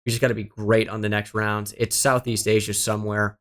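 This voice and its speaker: A man's voice: lowish voice, flat delivery, a little fast, a bit bright. Exasperated man muttering through a game. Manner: self-deprecating, exasperated muttering with frequent swearing. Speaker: gaming streamer. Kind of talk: live game commentary.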